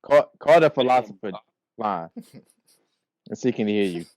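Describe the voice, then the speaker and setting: A man in a casual group chat on a voice call, joking loudly and cursing. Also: medium pitch, expressive, normal speed, no room sound. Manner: loud joking banter with cursing and slang. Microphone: online voice call.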